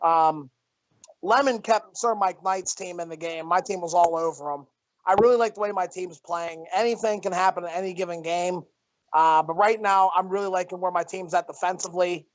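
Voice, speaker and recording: A man's voice: sits high, normal speed. A man doing casual play-by-play commentary for an online hockey league, upbeat and stumbling over repeated words. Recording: dull lo-fi stream audio.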